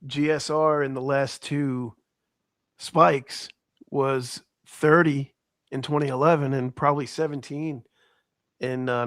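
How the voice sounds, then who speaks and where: A hoarse man with an East Coast accent, co-hosting a casual livestream chat and talking through market numbers with halting restarts. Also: fairly high pitch, dry recording, clean studio sound. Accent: American East Coast. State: hoarse, voice shot. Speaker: co-host.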